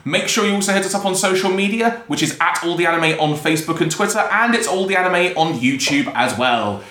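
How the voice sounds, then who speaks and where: A man's voice: sits high, lively intonation, fairly quick, sharp tone, reverberant. A man hosting a podcast in an office studio, cheerfully reading out release news. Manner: upbeat, reads out release news. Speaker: podcast host. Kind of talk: casual podcast chat. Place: small office studio in a cellar.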